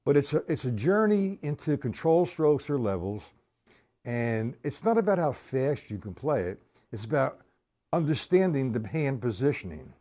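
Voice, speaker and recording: A middle-aged man runs a live drum lesson. He talks in a loose, chatty way, breaks each pattern down step by step and counts the beats out loud. His voice swings widely in pitch as he speaks. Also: sing-song, normal speed. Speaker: drum teacher.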